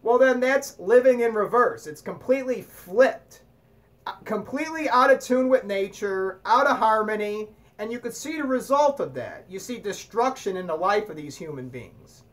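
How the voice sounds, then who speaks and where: A woman giving a blunt spiritual monologue, swearing freely and preaching with animated force. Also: mid-range voice, moderate pace. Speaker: spiritual talk host.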